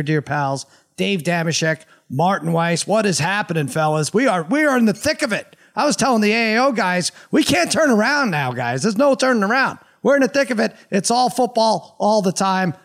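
A man hosting a casual sports podcast, talking loudly and excitably with a rambling flow. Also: high voice, a little fast, few pauses. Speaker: podcast host.

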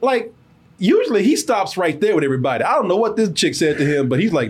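A man's voice: high-pitched, very animated, fast talker, slightly rough, faint music behind. A man co-hosting a casual movie review podcast, joking and laughing with profane banter. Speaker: podcast co-host.

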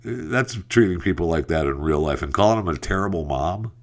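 A male host with a fairly low voice chats through stories and reads headlines in a relaxed, casual way. He laughs at his own tales and keeps the tone conversational. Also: normal speed. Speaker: talk show host. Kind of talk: casual commentary and news headlines.

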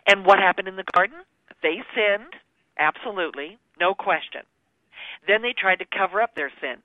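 A woman's voice: medium pitch, normal speed, no echo. A woman guest speaking by phone on a faith-based radio talk show, earnest and teaching, acting out little quoted voices as she explains. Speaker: guest author. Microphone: phone call. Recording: tinny phone line, dry.

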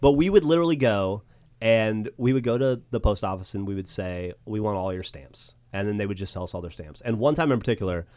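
A man talks quickly and freely in a casual podcast chat, spinning animated anecdotes. He acts out the people in his stories as he goes. The sound is close and dry. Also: fairly low pitch, no echo. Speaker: company co-founder on a podcast.

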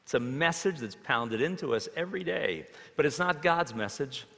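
A man preaching a sermon in a dramatic way, shifting between loud emphasis and hushed tones as he tells stories. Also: on the high side, expressive, normal speed, creaky. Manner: storytelling with acted quotes. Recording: long reverb of a large hall.

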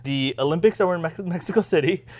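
A man's voice: on the high side, fast talker, darkish tone. A young man co-hosting a casual podcast, joking, laughing, and reading out listener questions. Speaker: podcast co-host. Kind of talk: casual chat, storytelling.

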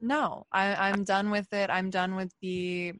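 A woman's voice: mid-range voice, steady tone, measured pace, fairly bright tone, dry recording. A woman talking candidly and emphatically in a casual conversation, with many filler "likes". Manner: candid, emphatic, faith-focused talk with frequent "like".

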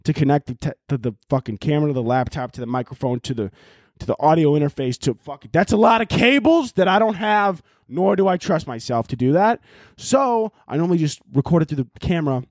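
A young man hosting a solo podcast at home, talking in a loud, profane, animated rant and shouting at times, recorded on laptop audio. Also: a little high, a little fast, no room sound, clean studio sound. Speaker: podcast host.

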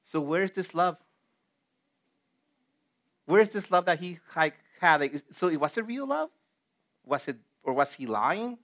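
A man's voice: a little high, animated, measured pace, long pauses, fairly bright tone. Earnest man leading a Bible study. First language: not English. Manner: earnest and emphatic, with frequent fillers and restarts. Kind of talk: casual group Bible teaching.

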